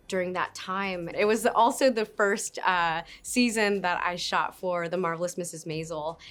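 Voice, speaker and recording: A woman in her thirties, an actress, talking casually and playfully in an interview, with giggles and quick asides. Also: fairly low pitch. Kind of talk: casual interview talk to camera. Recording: faint music behind.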